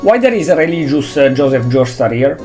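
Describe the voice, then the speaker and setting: A man's voice: a little high, very animated, brisk, music in the background. A male streamer chatting casually over a game, rambling with restarts and self-deprecating asides.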